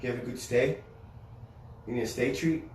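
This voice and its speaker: A man's voice: medium pitch, fairly even intonation, fairly quick, a little mellow, a little hiss or hum. A man chatting casually on a live stream, coaxing his dog in a playful sing-song way. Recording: echoey, roomy sound with faint ambience.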